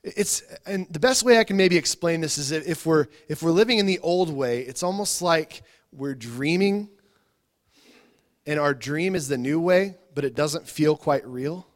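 A man preaching to a congregation in an informal, chatty way, his voice sitting a little high for a man. He stumbles over repeated words and keeps asking his listeners questions as he talks. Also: normal speed. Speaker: pastor. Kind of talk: conversational sermon.

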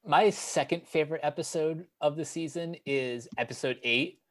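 A man's voice: on the high side, normal speed. An American man in casual review chat who talks hesitantly, with many ums and restarts. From United States.

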